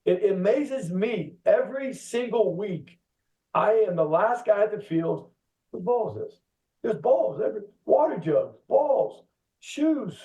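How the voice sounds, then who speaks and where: A man's voice: high voice, a little mellow, echoey room. A middle-aged man who directs coaching at a youth soccer club, chatting casually on a podcast and acting out kids and parents with laughs as he tells stories. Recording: tinny phone-line sound, distant from the mic.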